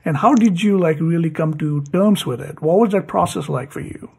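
A man hosting a podcast, asking long questions haltingly with many fillers. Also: on the high side, vocal fry, a little mellow, husky. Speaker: podcast host. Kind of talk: interview questions.

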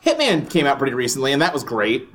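A man co-hosting a casual gaming podcast, relaxed and chatty, with lots of fillers and the odd swear. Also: mid-range voice, fast. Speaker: podcast co-host. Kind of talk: casual chat.

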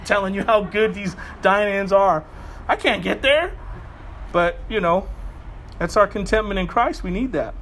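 A man's voice: high voice, a little slow, fairly bright tone, slight background noise. A middle-aged male pastor preaching a sermon in a fired-up, conversational way with casual asides.

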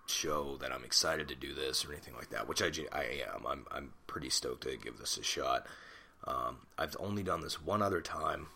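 A man's voice: extremely low pitch, gravelly, pushed and bright, slight background noise. A man in his twenties hosting a solo podcast on a desktop mic at home, rambling and self-conscious, swearing casually. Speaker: podcast host. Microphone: desktop USB mic.

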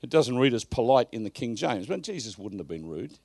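A man preaching a live sermon at a church service, emphatic, swinging from loud bursts to hushed asides. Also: medium pitch, big pitch swings, brisk, no echo.

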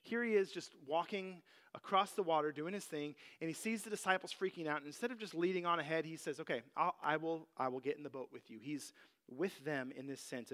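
A man teaching a Bible passage in a relaxed, conversational sermon, full of "like" and "you know". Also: a little high.

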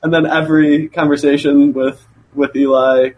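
A man's voice: a little high, flat delivery, moderate pace, lo-fi sound. A man in a casual podcast chat with friends, blunt and argumentative. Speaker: league member, podcast co-host.

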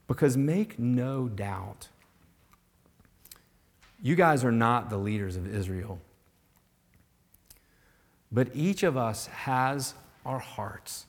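A male pastor preaches slowly and deliberately, his voice at a middle pitch. He surges into loud emphasis, then drops to near-whispers. A long hall reverb trails every phrase. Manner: dramatic swings from loud emphasis to hushed whispers. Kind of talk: sermon.

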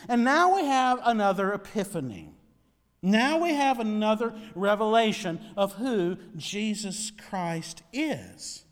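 Animated male preacher in a reverberant hall. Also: takes it slowly. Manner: animated preaching with dramatic swings in pitch and loudness. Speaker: pastor. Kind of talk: sermon.

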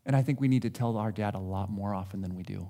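Speaking fast in a mellow, fairly low voice, a male pastor preaches in a chatty, self-deprecating style. He performs the quotes of what people say as he goes.

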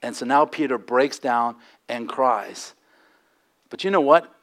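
A man's voice: mid-range voice, measured pace, a bit bright. A man preaching a sermon as pastor in a church, in a conversational style, acting out the people he speaks about.

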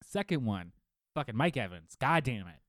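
A man co-hosting a casual fantasy football podcast, telling stories in a lively, profane way from a home studio. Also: mid-range voice, normal speed, dry recording. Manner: animated, profane storytelling. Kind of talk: casual chat. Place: home studio living room.

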